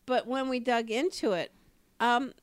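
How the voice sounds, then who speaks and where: A woman co-hosting a podcast, telling stories in a lively, emphatic way with sudden rises in her voice. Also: measured pace, dry recording. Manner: animated storyteller, emphatic rises in pitch. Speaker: podcast co-host. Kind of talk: casual podcast conversation.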